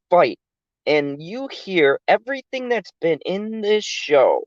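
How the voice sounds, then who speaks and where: An adult reviewer talking through a TV episode in a casual, animated way and swearing freely. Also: medium pitch, slow, dry recording, lo-fi sound. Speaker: TV show reviewer.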